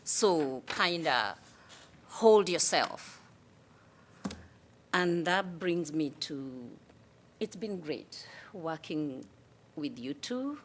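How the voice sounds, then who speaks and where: A woman from Kenya speaks as a commissioner at a public meeting, her voice deep and her pace unhurried. She sounds measured and heartfelt. A faint hum of room ambience sits behind her. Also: lively intonation. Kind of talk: public meeting farewell remarks.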